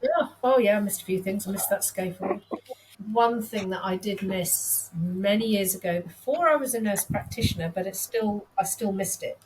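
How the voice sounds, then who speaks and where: A woman's voice: mid-range voice, normal speed, background noise. A woman in her fifties from the United Kingdom, a nurse practitioner guest telling stories in a candid, self-deprecating way and laughing easily. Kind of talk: casual conversational storytelling.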